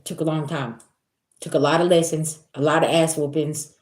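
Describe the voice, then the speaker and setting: Broadcasting from home, a Black spiritual reader with a lowish voice chats casually and energetically with her livestream audience at a normal pace. "Listen" and "okay" come up again and again, and there's a noticeable echo in the room.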